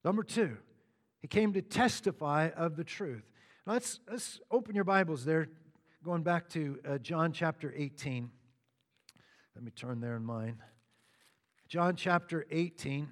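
A man's voice: on the high side, a little slow, pauses often, big-room sound. A man preaching a sermon, walking through scripture verse by verse with conversational asides to the congregation. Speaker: pastor.

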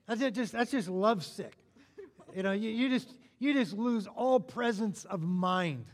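Preaching a little slowly, a man with a high voice is lively and animated, dropping joking asides to his congregation. A long reverb rings around him, like the sound of a large hall.

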